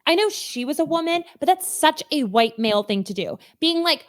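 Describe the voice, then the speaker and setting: A woman co-hosting a podcast in casual comedic chat, animated and jokey, acting out quotes. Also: high-pitched, fairly quick, hardly any pauses. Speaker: podcast co-host. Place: Chicago.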